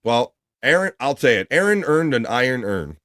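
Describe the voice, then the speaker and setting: A laid-back man with a Baltimore accent hosts a casual livestream, chatting loosely and reading viewer comments aloud. His voice sits at an ordinary middle pitch and sounds close and dry, with no room echo around it. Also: very animated, normal speed, fairly bright tone. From Baltimore area, United States. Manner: easygoing, reads viewer comments aloud, laughs easily. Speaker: livestream show host.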